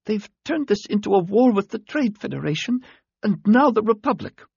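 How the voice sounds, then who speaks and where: A man's voice: high-pitched, sing-song, normal speed, a little mellow, no echo, highs cut off, pitched above the performer's own voice, full character voice. A man voicing a dying male alien who speaks in a weak, urgent voice, in an audiobook. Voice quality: weak, breathy.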